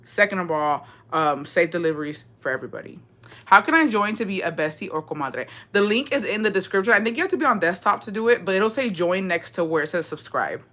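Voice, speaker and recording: Young woman, deep and a little raspy, bright edge to the tone, casual profane livestream chatter with Spanish slipped in. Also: animated, quick pace. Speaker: livestream host. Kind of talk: casual livestream chat reading comments.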